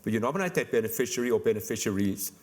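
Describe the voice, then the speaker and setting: A man's voice: mid-range voice, animated, darkish tone. A man, an insurance expert explaining things on a conference panel in a chatty way. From South Africa. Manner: fast, explanatory, chatty with "you know" fillers. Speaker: insurance company expert guest.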